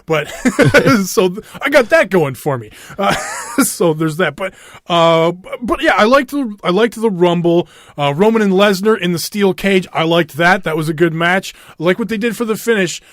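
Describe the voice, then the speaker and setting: A man's voice: high-pitched, lively intonation, moderate pace, a bit bright, dry recording, studio quality. A man in his late thirties with a Minnesota accent, co-hosting a casual podcast chat. He rambles, restarts sentences and chuckles as he talks. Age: 30s. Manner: rambling, self-interrupting, chuckling. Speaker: podcast co-host.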